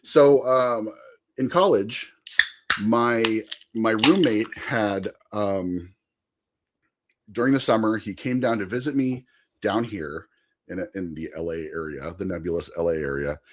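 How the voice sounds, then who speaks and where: A man's voice: fairly low pitch, a little slow, noisy background. A young man, a podcast guest, telling a rambling anecdote in a casual chat and laughing as he goes. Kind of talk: casual storytelling.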